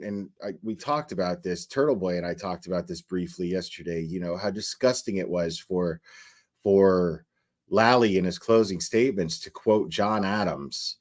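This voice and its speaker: A man with a lowish voice hosts a live commentary stream, reading out viewer messages. His speech is halting, packed with fillers and restarts.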